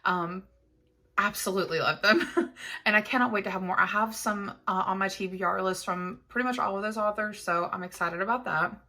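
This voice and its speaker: A woman book vlogger chatting casually to the camera in a mid-pitched voice. She talks in an animated, gushing way with plenty of fillers. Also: fairly quick.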